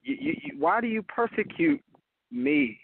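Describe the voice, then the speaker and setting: A man's voice: unhurried, vocal fry, noisy background, exaggerated voice. A man raising his voice to play Jesus, rebuking. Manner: animated, raised pitch. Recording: phone-line call-in audio.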